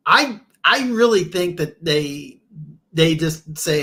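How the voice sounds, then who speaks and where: A man hosting a casual football talk show, his voice sitting a bit higher than most men's. He rambles and stammers through restarts, then climbs sharply in pitch when something baffles him. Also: animated, slow pace, pushed and bright. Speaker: podcast host.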